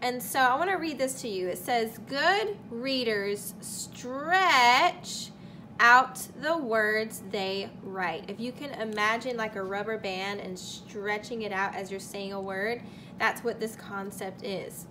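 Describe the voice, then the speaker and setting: A woman's voice: medium pitch, fairly bright tone, a little hiss or hum. A young woman teaching a recorded kindergarten lesson, carefully sounding out words for young children. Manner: slow, deliberate sounding-out of words.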